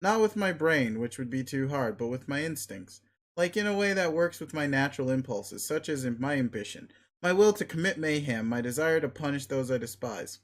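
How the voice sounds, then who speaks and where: A man's voice: mid-range voice, animated, fairly quick, natural voice. A man reading a webcomic aloud, voicing an arrogant, crude young male alien who talks in a pushy, sneering, blunt way. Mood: domineering.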